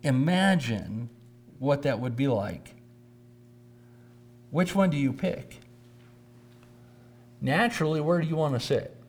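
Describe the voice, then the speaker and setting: A man's voice: medium pitch, animated, takes it slowly, pauses often. A man preacher teaching a church class lesson, conversational and repeating words for emphasis.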